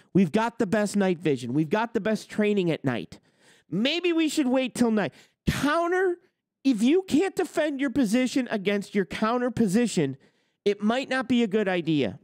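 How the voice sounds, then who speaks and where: The trucking show host's voice here is high and a little mellow, with lively intonation at normal speed. He rants on the livestream in an argumentative way, throwing out rhetorical questions, and the studio audio is clean with no room sound.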